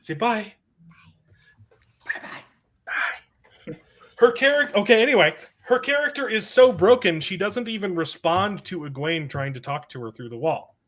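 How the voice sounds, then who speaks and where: A man speaks from his desk at home as a podcast panelist in a casual fan discussion, his voice high, expressive and fairly bright. He rambles and corrects himself quickly and often.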